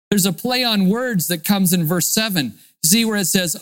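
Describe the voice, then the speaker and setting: A male pastor delivering a sermon in an earnest, expressive teaching manner. He explains scripture with conviction and leans into dramatic readings of the verses. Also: high voice, moderate pace, few pauses.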